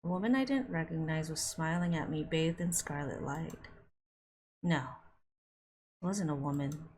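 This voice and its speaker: A woman streaming a visual novel, reading its narration aloud and breaking off for quick reactions, with music under her voice. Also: low-pitched, darkish tone, a little hiss or hum. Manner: reads narration with quick asides. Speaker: game streamer.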